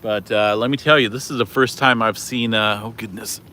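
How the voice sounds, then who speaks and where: A man films himself outside in the falling snow and rambles excitedly into a handheld camera, with lots of "uh"s and happy exclamations. His voice has a bright, forceful edge. Faint background noise sits behind him. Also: lowish voice, a little fast. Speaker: weather channel host. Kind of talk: casual on-the-spot weather vlog. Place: outdoors in falling snow beside his car, rural neighborhood.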